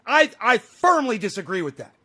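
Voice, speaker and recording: A man's voice: high-pitched, very animated, normal speed, bright, forceful tone. A man ranting profanely and combatively at his livestream chat. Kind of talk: casual livestream rant.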